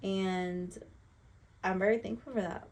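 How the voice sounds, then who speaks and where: A young woman co-hosts a casual chat podcast in a middle-pitched voice, speaking bluntly and swearing with ease. She drops Spanish phrases into her English. Her voice sits a little back from the mic. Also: a little slow, distant mic. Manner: animated storytelling with laughter. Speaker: podcast co-host.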